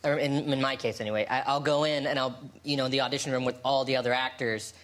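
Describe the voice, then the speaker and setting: A man's voice: medium pitch, steady tone, fast, a bit bright. A man, a laid-back talk show guest with many ums and likes. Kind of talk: casual anecdotes.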